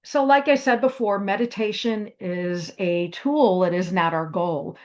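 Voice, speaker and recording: A woman's voice: medium pitch, measured pace, a little mellow. A woman giving a reflective talk on meditation, speaking with fillers and restarts. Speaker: meditation teacher. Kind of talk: spoken wellness talk.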